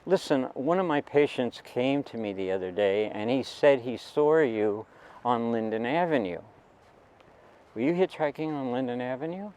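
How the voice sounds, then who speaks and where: A man's voice: medium pitch, animated, normal speed, darkish tone, smooth, natural voice, poor audio. An older man voicing his stern middle-aged doctor father, who scolds with incredulous questions. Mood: suspicious.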